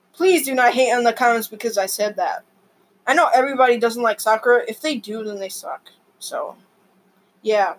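Young woman vlogger, higher voice, excitable rambler, lots of fillers. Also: low-quality recording. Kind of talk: rambling casual vlog.

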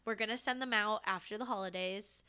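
A woman co-hosts a podcast in bubbly, jokey chat full of deadpan sarcasm. Her pitch sits in the middle. The voice sounds bright and crisp. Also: brisk. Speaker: podcast co-host. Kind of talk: casual chat.

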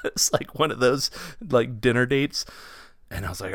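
A man from Ohio, co-hosting a podcast, tells a story in a rambling, casual way full of fillers, and grows animated as it builds. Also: mid-range voice, fairly quick, no room sound, clean studio sound. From Ohio, USA. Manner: rambling, filler-heavy, animated when excited. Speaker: podcast co-host.

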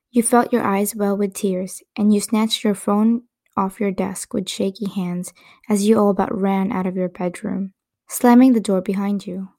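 A woman host reading a fan-fiction story aloud in calm, measured scripted narration. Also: mid-range voice.

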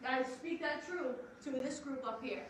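A woman with a high voice gives an earnest, emphatic testimony, pausing to let her words land. She is heard from well off the mic in a big, very echoey hall. A steady noise sits under her voice. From Long Island, New York. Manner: earnest, emphatic, with drawn-out pauses. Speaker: program assistant director giving testimony. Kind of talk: spoken testimony to a congregation. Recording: very echoey hall, distant, noisy.

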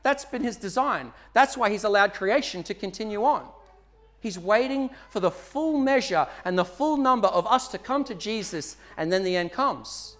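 A man's voice: sits high, lively intonation, moderate pace, fairly bright tone. A male pastor from Australia preaching a sermon in a church, earnest and conversational, building to emphatic peaks.

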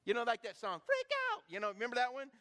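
High, bright-voiced pastor preaching in a hall. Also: male voice, rapid-fire. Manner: animated, rhetorical questions to the congregation. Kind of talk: sermon. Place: church hall. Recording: long hall reverb.

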